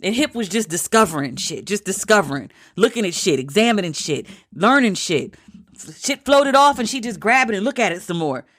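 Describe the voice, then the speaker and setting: A woman in her forties hosting her podcast alone, telling stories in an animated, emphatic way with lots of repetition. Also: medium pitch, a little fast, no echo, studio quality. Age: 40s. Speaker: podcast host. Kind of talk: casual solo podcast talk.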